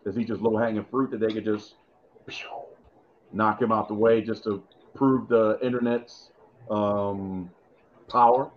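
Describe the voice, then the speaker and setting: A man's voice: on the low side, steady tone, moderate pace. A man co-hosting a casual wrestling chat, rambling and thinking aloud with many fillers. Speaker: podcast co-host. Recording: muffled lo-fi audio.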